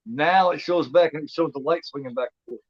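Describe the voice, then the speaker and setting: A man's voice: fairly high pitch, fairly quick, husky, dry recording. A man in his fifties hosting a casual movie commentary, rambling and repeating himself with lots of "you know what I mean.". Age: 50s. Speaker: host. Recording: dull lo-fi sound.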